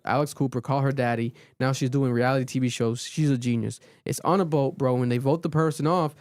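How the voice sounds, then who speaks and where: A man hosting a casual podcast, recapping a reality show in an animated, profane storytelling way. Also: medium pitch, no echo. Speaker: podcast host.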